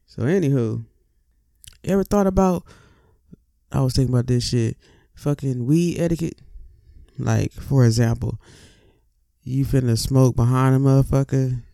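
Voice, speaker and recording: A man in casual, profane, rambling talk to camera, speaking with lively asides. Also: medium pitch, normal speed, gravelly, long pauses, no room sound, studio quality. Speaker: cannabis vlogger.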